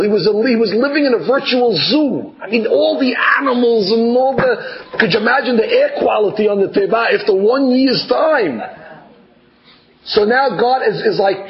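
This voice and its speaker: High-voiced rabbi with a dull recording. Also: male voice. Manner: conversational, argues with imagined listeners. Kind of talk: Torah class.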